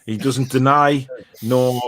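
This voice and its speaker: A man's voice: medium pitch, steady tone, slow, fairly bright tone. Teasing man hosting football banter. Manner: teasing, laughs between reading comments aloud. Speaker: podcast host reading viewer comments.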